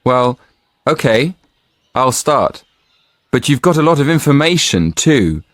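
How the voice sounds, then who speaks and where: A man voicing a colleague planning a presentation in a textbook audio dialogue, slow with lively intonation. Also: medium pitch, dry recording. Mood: friendly.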